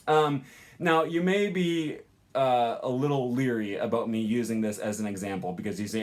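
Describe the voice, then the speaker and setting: A man's voice: medium pitch, normal speed. A young man teaching a casual language lesson, chatty and informal, with many ums and uhs. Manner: chatty, lots of ums and uhs, laughs at own examples.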